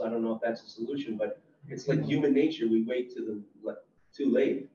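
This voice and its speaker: A man speaking as an audience member at a library talk, animated and rambling. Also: medium pitch, brisk. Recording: roomy, distant, muffled with faint noise.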